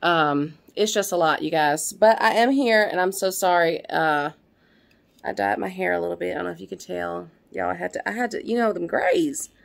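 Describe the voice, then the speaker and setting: A woman's voice: lowish voice, moderate pace, vocal fry. A middle-aged woman chatting to camera at home in a rambling way, slightly out of breath. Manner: rambling, chatty, lots of fillers and restarts. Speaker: vlogger. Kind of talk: casual chat to camera. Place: at home, indoors.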